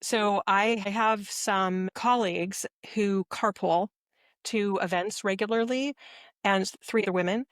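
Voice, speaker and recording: A woman talking as a podcast guest in casual conversation, measured and thoughtful, slowing down to choose her words. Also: mid-range voice, fairly even intonation, no room sound, studio quality.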